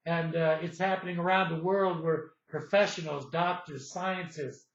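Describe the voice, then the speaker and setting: Man, high-pitched, rambling storyteller, lots of uh's and restarts, roomy echo. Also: steady tone, normal speed, vocal fry, dull audio. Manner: meandering, repeats himself with fillers and restarts. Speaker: storyteller recounting personal experiences. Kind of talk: rambling personal monologue.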